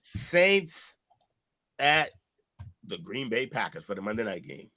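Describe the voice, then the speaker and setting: A man's voice: fairly low pitch, very animated, takes it slowly, over a noisy crowd. A man hosting a casual sports show with friends, loose and joking, swearing often. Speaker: sports podcast host.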